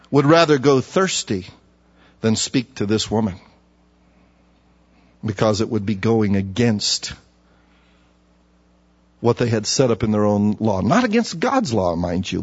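A pastor preaching a sermon in a conversational way, with asides and rhetorical questions to the congregation. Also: male voice, mid-range voice, slightly rough. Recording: dull audio with long hall reverb.

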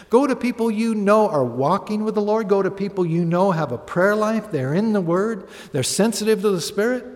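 A man's voice: on the high side, a little mellow. A man preaching a sermon, telling stories and building to earnest, emphatic appeals. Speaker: pastor. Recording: long hall reverb.

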